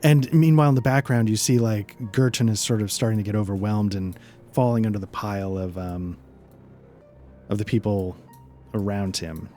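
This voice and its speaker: A man narrating as game master in a loose, halting way, full of fillers. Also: fairly low pitch, dark tone, soft background music.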